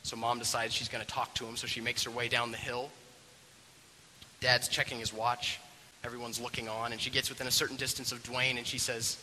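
A man's voice: medium pitch, brisk, long reverb tail, slight background noise, rough recording. A man animatedly retelling a film scene, acting out the characters as he goes. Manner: expressive, acts out the characters' voices. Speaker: storyteller.

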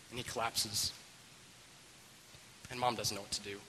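A man's voice: fairly low pitch, moderate pace, pauses often, in a large hall, slight background noise, poor audio. A man animatedly retelling a film scene, acting out the characters as he goes. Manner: expressive, acts out the characters' voices. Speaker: storyteller.

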